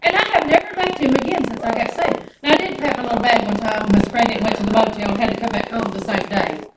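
A woman's voice: fairly high pitch, fast. A woman, preaching a folksy sermon and calling on the congregation to answer back. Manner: folksy, calls on the congregation for responses. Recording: echoey room, mic at a distance, noisy.

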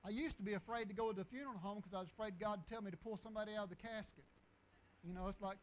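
A man's voice: high voice, racing, slight background noise, rough recording. A man preaching and telling stories in a folksy, rambling way, with restarts and chuckles. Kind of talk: storytelling sermon.

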